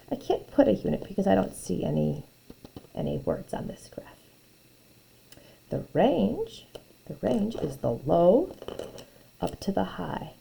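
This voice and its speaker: A woman's voice: medium pitch, vocal fry, dark tone, slightly rough, low-quality recording. A woman math teacher talking through graph problems in a recorded lesson, thinking aloud, repeating her phrases and often dropping to a near-whisper.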